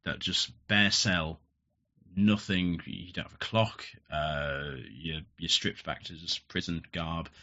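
Young guy, bright tense voice, rambling podcast storyteller, slightly dull recording. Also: low-pitched, steady tone, slow pace. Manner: rambling, laughs often, frequent restarts. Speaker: podcast guest. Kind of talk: casual storytelling. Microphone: headphones with podcast mic.

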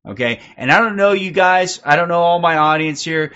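Forties male streamer, high-ish voice, abrasive and profane, muffled lo-fi audio. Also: lively intonation, fairly quick, bright, forceful tone. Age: 40s. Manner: profane, aggressive, repeats "okay?" constantly. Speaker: livestream host. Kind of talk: ranting livestream commentary.

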